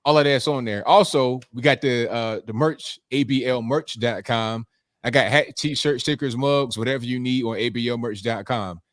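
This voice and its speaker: A man speaks as a guest on a casual online panel, upbeat and clear, spelling things out step by step. His voice is of ordinary pitch and recorded dry and close. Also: moderate pace, no room sound.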